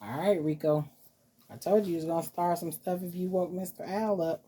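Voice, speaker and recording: A woman hosting a casual vlog, talking softly and playfully to her dolls as if they were children. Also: lowish voice, fairly quick, breathy edge. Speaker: doll collector vlogger. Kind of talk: casual doll-play vlog.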